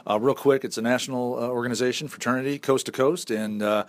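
A man's voice: mid-range voice, fairly even intonation, fast talker. A man with a Northern US accent hosting a talk show, chatty, upbeat and jokey while interviewing guests. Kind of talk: casual interview.

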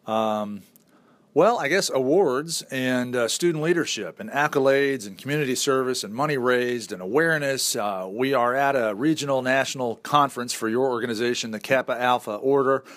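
Man, Northern US accent, interview host, chatty, upbeat, filler-heavy, mid pitch, dry close sound. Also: moderate pace, a bit bright, dry recording. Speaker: show host. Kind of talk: casual interview.

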